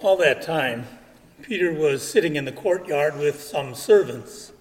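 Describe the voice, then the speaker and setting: A man reading scripture aloud in a calm narration. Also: a little high, a little slow, in a large hall, far from the mic, low-quality recording. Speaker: scripture reader.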